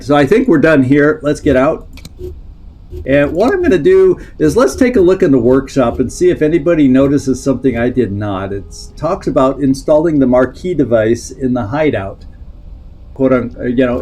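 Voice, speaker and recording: A man's voice: mid-range voice, warm tone, slight background noise. A man streaming a strategy game, thinking aloud, reading in-game text and answering chat as he plays. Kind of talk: live-stream gameplay commentary.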